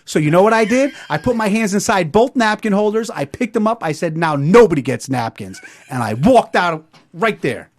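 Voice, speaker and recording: Male podcast host, animated storyteller who does the voices, pitch all over the place. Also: a little fast. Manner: animated, acts out dialogue. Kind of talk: casual storytelling.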